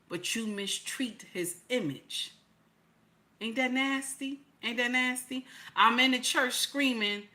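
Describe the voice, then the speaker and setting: A woman delivers preachy livestream commentary in a bright, forceful voice. She talks bluntly and colloquially, hammering her points home by repeating lines and asking rhetorical questions. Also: mid-range voice. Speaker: livestream host.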